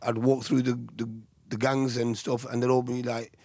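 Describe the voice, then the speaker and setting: Man, former boxer, soft-spoken, halting, dry close mic. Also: medium pitch, level tone, dry recording. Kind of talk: casual podcast interview.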